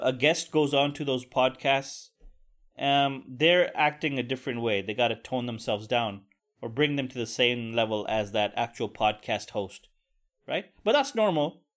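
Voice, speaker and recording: Speaking at a medium pitch with a slightly bright tone, a young man hosts a solo podcast where he vents and tells a rambling, profane story laced with crude remarks.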